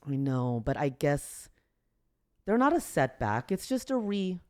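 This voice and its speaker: A woman's voice: sits low, very animated, unhurried, darkish tone. A woman comedian chatting on a podcast as a guest, rambling with lots of fillers and poking fun at herself. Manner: chatty, many "like" fillers, self-deprecating. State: tearful. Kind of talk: casual podcast chat.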